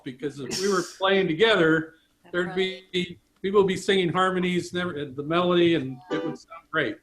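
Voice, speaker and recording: A man's voice: high voice, brisk, over music. A man leading a ukulele group over a video call, chatting casually and explaining his strumming as he plays. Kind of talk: casual chat and strumming instruction. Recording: echoey room with loud ukulele. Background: ukulele playing.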